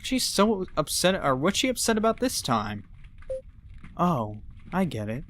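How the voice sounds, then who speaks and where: Exasperated, swearing game commentator. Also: male voice, a little high, very animated, measured pace, background noise. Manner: profane, exasperated ranting with jokes. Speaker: let's play commentator. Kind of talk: casual gameplay commentary.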